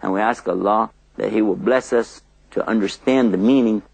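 An older man preaching to children, telling lively stories and acting out little scenes in different voices. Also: on the low side, normal speed, creaky, slightly rough, no room sound, poor audio. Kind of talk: children's religious storytelling lecture.

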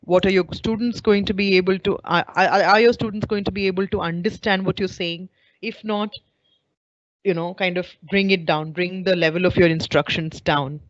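A woman's voice: fairly low pitch, fairly even intonation, moderate pace. A woman teacher trainer gives an online webinar lecture, explaining each point and asking her listeners questions. The sound comes over a video call, dull and lo-fi, with a dry close feel and no room echo. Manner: explanatory, asks the audience questions.

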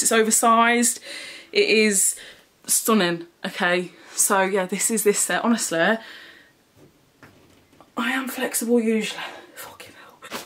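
A chatty woman giving a casual try-on haul, mid-pitched and plain-spoken. She talks frankly and swears freely, often asking if you know what she means. Now and then she sounds a little out of breath. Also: fairly bright tone. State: slightly out of breath. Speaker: fashion vlogger.

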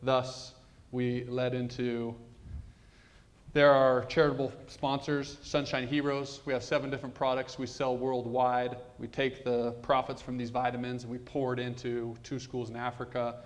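Man telling a story in a flat voice. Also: mid-range voice. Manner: storytelling, halting restarts, quiet asides. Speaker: guest speaker. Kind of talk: personal story talk.

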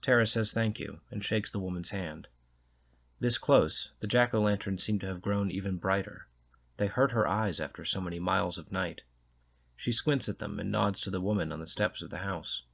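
Measured male narrator reading a story, lower register. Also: gravelly, fairly bright tone, breathy edge. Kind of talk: audiobook reading of a short story.

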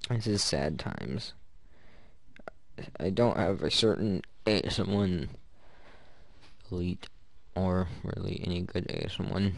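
A man's voice: low-pitched, gravelly, no room sound. A man giving rambling, joking commentary to himself while opening loot in a video game. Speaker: gaming YouTuber. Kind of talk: casual gameplay commentary.

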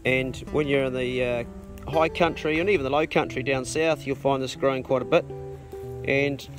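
With music in the background, a middle-aged farm owner and channel host talks through a casual vlog outside on his rural property. His medium-pitched voice stays steady at a moderate pace, and he's blunt and quick to swear.

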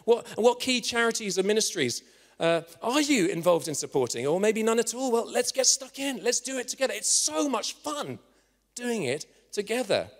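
A man's voice: high-pitched, very animated, normal speed. A man preaching a sermon with passion, urging listeners to get involved. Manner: impassioned, drops to a hushed whisper for the story's climax. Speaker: guest preacher. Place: church hall. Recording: reverberant church hall.

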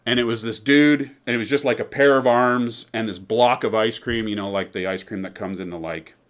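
A man's voice: lowish voice, fairly even intonation, a little fast. A man giving an informal lecture in a chatty, digressive way, often checking in with "right?".

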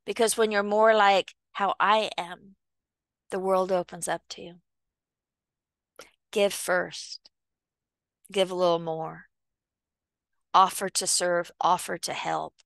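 A woman giving an earnest motivational talk, speaking deliberately and acting out small everyday conversations. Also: fairly low pitch, fairly even intonation, gravelly, fairly bright tone, no echo. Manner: earnest, slow and deliberate, acts out little dialogues. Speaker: self-help speaker. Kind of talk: reflective motivational monologue.

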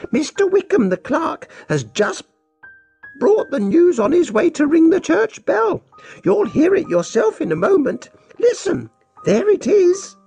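A frightened maidservant in a storybook, her voice pitched far up and swooping as she cries out bad news, with a man putting her on. She sounds breathless and urgent. Soft music plays underneath. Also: sing-song, measured pace, creaky, full character voice. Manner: high, cried and breathless. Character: frightened woman servant, shrill and alarmed.

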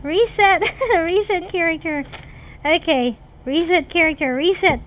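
A woman host talks through her game in casual, excitable commentary. Her voice sits high, and she keeps chattering to the characters on screen in a playful way. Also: unhurried. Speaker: mom gaming channel host.

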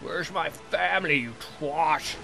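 A young man commentating his own game play casually, excitable and jokey, swearing often and talking back at the game. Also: fairly high pitch, slow pace, creaky, over music. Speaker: let's play host.

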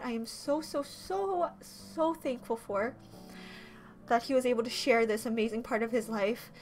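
A young woman vlogging to her viewers, emotional and tearful, rambling and restarting her sentences as her voice breaks. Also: on the high side. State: teary, voice breaking. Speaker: YouTuber. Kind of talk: emotional vlog talk to camera.

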